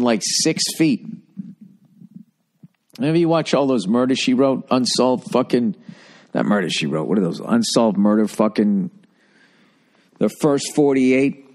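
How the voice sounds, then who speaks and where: A man's voice: mid-range voice, a little mellow. A man hosting a podcast who delivers a comedic monologue rant in a profane, rambling, sarcastic way. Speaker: podcast host.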